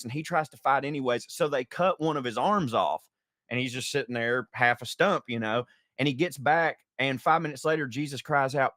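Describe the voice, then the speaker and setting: A man's voice: mid-range voice, a little fast, no room sound. Southern man telling jokes, dry close mic. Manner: animated joke-telling with loud put-on voices. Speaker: podcast co-host. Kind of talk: casual chat, telling jokes.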